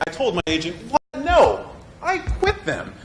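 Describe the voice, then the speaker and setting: A man's voice: mid-range voice, expressive, normal speed, lightly acted. A man performing a stage monologue as an earnest young male actor, confiding and at times exasperated. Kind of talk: theatrical monologue. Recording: echoey room with background noise.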